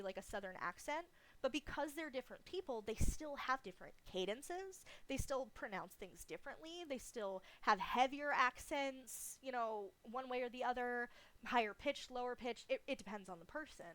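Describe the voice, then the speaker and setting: A woman's voice: on the high side, pushed and bright, no room sound. A woman streamer talking casually and candidly in a livestream Q&A, swearing freely and laughing often.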